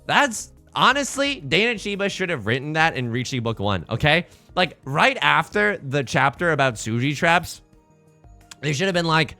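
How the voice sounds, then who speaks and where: A young man chats through a live game stream at a home desk mic, joking and mocking himself with theatrical flair. His voice is bright and forceful and swings widely in pitch. Soft music plays faintly behind him. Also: sing-song, normal speed. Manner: jokey, theatrical and self-mocking.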